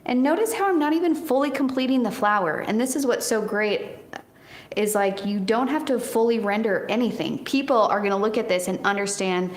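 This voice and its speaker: A woman in her thirties chatting warmly through a painting lesson, encouraging and quick to laugh. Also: fairly high pitch, roomy sound. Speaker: art teacher. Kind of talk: casual painting tutorial.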